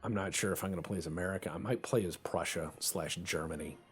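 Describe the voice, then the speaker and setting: A man's voice: low voice, fast, slightly rough, soft background music. A man hosting a let's play, giving casual commentary on a naval strategy game, joking, swearing and thinking aloud as he plays.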